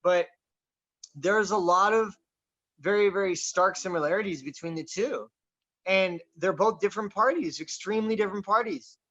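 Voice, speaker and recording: A man hosting a casual political chat, talking in a boisterous, loud and animated way. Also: high-pitched, normal speed. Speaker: podcast host. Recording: dull lo-fi recording.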